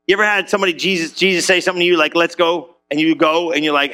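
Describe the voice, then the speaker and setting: High-pitched gravelly pastor, bright tense voice, chatty animated sermon. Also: male voice, rapid-fire. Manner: animated, conversational preaching with asides to the congregation. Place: church.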